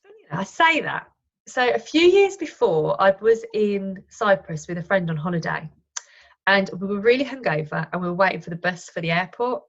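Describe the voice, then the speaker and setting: A woman's voice: medium pitch, big pitch swings, brisk, muffled recording. A woman, a wellness coach, chatting as a guest in an interview and telling personal stories with many restarts and self-corrections. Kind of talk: casual conversational interview.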